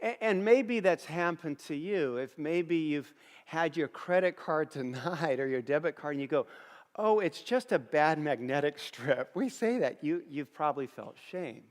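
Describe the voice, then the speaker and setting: A middle-aged man preaches with an earnest, storytelling manner, his voice sitting a bit higher than most men's. His words ring out through a large hall with a long reverb. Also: lively intonation, moderate pace. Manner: earnest, storytelling with repeated phrases. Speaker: pastor. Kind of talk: sermon. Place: church auditorium.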